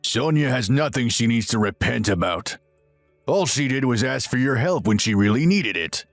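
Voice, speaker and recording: A man's voice: mid-range voice, expressive, normal speed, dry recording, faint music behind, natural voice. A man voicing a stern, disapproving older father who rebukes firmly in a dramatized text-message story.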